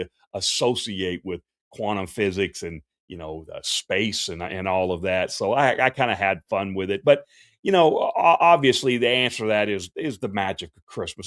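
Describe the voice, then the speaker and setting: Man, lowish voice, dry close sound, folksy and chatty, Santa performer answering questions on a livestream. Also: fairly bright tone, dry recording. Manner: folksy, chatty, with many fillers and restarts. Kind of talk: casual livestream Q&A.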